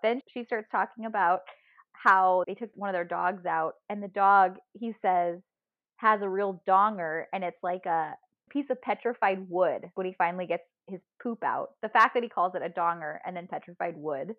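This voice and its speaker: A woman's voice: mid-range voice, moderate pace, no echo, narrow, tinny audio. A woman co-hosting a podcast, telling stories in a casual chat with lots of laughter. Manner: animated storytelling, laughs often. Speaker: podcast co-host.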